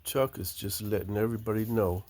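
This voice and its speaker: An older man, chatting slowly and fondly to his backyard chickens outdoors. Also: on the low side, fairly even intonation, a little mellow. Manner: slow, drawling, talks fondly to the birds. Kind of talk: casual chat talking to his hens. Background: chickens clucking.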